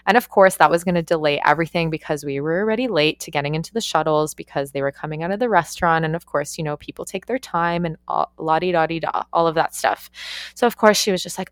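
Low-voiced woman telling a work story. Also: fast talker, dry recording, clean studio sound. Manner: profane, animated, frequent "like" fillers. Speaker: yacht crew member. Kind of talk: casual storytelling.

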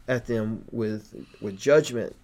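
A man's voice: on the low side, slow pace, darkish tone. Earnest man explaining a faith lesson. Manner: earnest, explanatory, building points step by step. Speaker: podcast host. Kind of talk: casual faith podcast discussion.

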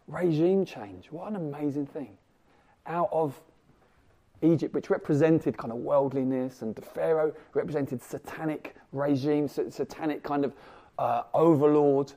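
A man preaching a sermon, animated, swinging from loud emphasis to hushed asides. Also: medium pitch, vocal fry.

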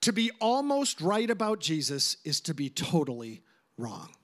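Man, middle-aged pastor, high-pitched, emphatic conversational sermon delivery. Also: huge pitch swings, normal speed. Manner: emphatic, repeats phrases for stress, conversational asides.

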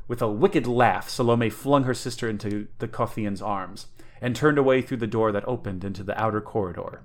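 A man's voice: on the low side, moderate pace. A man co-hosting a podcast, narrating a story aloud and then chatting enthusiastically and jokily. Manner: enthusiastic, jokey in chat. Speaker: podcast co-host reading aloud. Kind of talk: story narration and casual chat.

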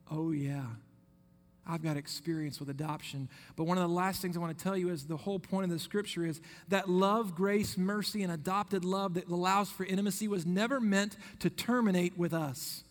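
A man, preaching a sermon and telling a personal story between scripture quotes. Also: sits high. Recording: long reverb of a hall.

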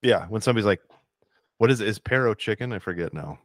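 A man's voice: on the low side, animated, fast, no echo. A man in casual comedic chat, delivering sarcastic mock rants and swearing freely.

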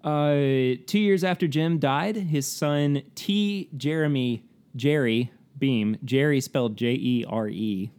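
A man talking casually at a tasting table. He rambles, corrects himself mid-sentence and breaks into laughter often. His pitch sits in a middle range. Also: slow, a little mellow, smooth. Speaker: co-host of a whiskey tasting show. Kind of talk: casual chat.

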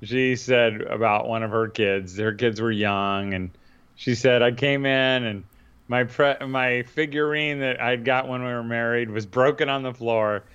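Smooth-voiced chatty podcast man. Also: medium pitch, fairly even intonation, measured pace, a bit bright, highs cut off. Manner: rambling storyteller, laughs often. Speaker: podcast co-host. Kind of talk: casual chat.

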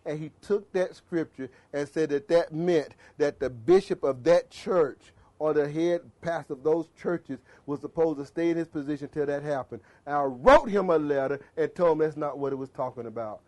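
Pregador apaixonado de voz aguda. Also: male voice, moderate pace, few pauses. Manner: passionate, swings between loud exhortation and low murmur. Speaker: preacher. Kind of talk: sermon.

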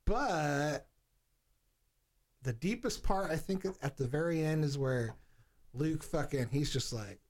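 A podcast co-host chats casually and animatedly, cursing often and performing movie lines as he retells a story. His voice runs somewhat high, and he speaks slowly with frequent pauses.

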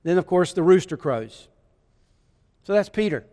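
A preacher with a high voice tells the story vividly and keeps asking his listeners questions. His voice rings out in a large church hall with a long reverb. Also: expressive, moderate pace, mellow. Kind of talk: sermon.

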